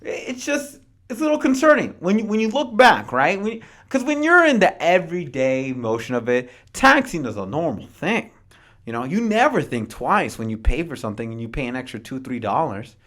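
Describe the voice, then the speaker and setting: A man's voice: a little high, very animated, normal speed, a bit bright. A man hosting a podcast, chatting casually about history, reading passages from notes and adding slangy, dramatized asides. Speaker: podcast host.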